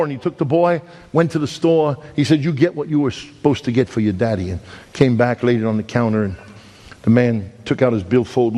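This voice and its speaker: Preacher man in a reverberant hall. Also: medium pitch. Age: middle-aged. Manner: dramatic, swings from loud emphasis to hushed slow lines. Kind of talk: sermon with storytelling.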